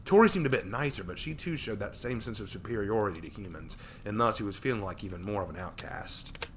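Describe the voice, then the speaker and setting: A man streaming a reading of his own story, narrating with lively delivery and the odd slip. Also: lowish voice, quick pace, slight background noise. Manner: lively reading, some slips and restarts.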